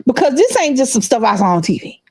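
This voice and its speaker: A middle-aged woman telling a story in casual chat, animated and laughing, acting out the other people's voices. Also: a little high, quick pace, slightly rough, no room sound. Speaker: podcast co-host.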